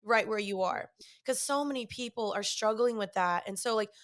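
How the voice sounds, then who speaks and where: A woman's voice: fairly high pitch, moderate pace. A woman hosting a podcast, talking in a chatty way with lots of "like" fillers. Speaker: podcast host. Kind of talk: casual interview conversation.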